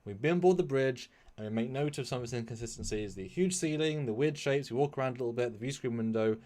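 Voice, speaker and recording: Rambling, animated man on a live stream. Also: mid-range voice, quick pace. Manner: rambling, animated, laughs often. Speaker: fan filmmaker guest. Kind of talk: casual live-stream chat.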